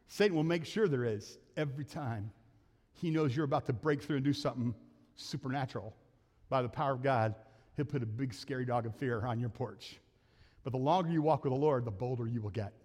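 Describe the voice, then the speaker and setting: A man's voice: medium pitch, brisk, darkish tone. An older man preaching a sermon as pastor, telling earnest, folksy stories from his own life. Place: church sanctuary. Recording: long church hall reverb.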